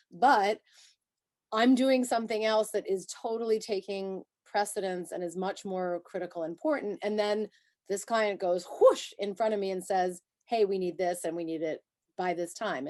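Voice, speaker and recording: A woman's voice: mid-range voice, darkish tone. A woman from a translation agency speaking candidly and conversationally on a panel. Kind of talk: panel discussion answer.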